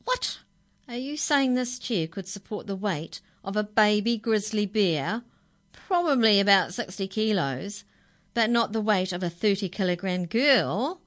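A woman's voice: mid-range voice, animated, a little slow, voice pushed up, lightly acted. A woman voicing a curious, skeptical child who keeps interrupting a story with questions.

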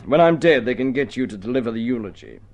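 A man's voice: mid-range voice, expressive, fast talker, darkish tone, natural voice. A man playing a relentless police inspector. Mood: stern. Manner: curt, dryly sarcastic, insistent. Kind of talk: vintage radio drama acting.

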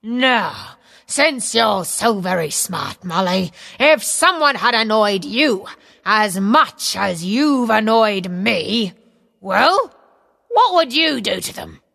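A woman voicing a big, boastful, cruel male giant who shouts and laughs slowly. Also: sing-song, vocal fry, exaggerated voice. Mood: gloating. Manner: booming shouts, slow gloating laugh.

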